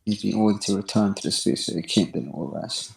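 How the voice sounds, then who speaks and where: A man's voice: on the low side, brisk, vocal fry, echoey room. A man who calls into a live debate, reading a passage and asking questions in an earnest way. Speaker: caller in a debate. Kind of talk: reading and arguing on a live call.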